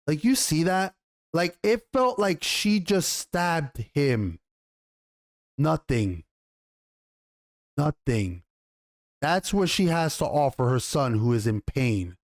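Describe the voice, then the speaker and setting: High-voiced excitable man reviewing TV. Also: unhurried. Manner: rambling, excitable, acts out lines; blunt, swears casually. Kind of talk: casual episode review.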